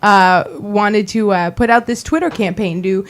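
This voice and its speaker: A woman's voice: mid-range voice, unhurried. A woman hosting a talk radio show, steering a casual political chat and teasing her co-hosts. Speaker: host.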